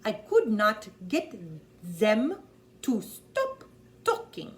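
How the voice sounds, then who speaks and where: A woman putting on a mock German accent to voice a dismissive male psychiatrist, speaking slowly, loudly and in clipped bursts. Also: on the high side, wildly swooping pitch, pitched above the performer's own voice, heavily acted. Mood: exasperated. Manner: slow, loud, clipped and offhand.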